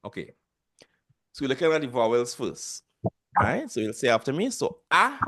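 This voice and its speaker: Over a video call, a Trinidadian language teacher leads an online class, patiently repeating sounds for students to echo. His mid-range voice swings widely in pitch at a normal speed.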